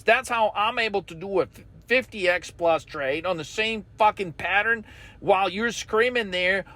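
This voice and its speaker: A man's voice: high voice, a bit bright. A man hosting a trading channel, delivering a blunt, intense, profanity-laced rant to his viewers.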